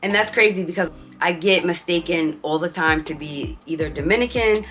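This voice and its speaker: A woman's voice: fairly low pitch, moderate pace. A young woman chatting casually in a vlog, reading out her results with playful asides. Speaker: vlogger.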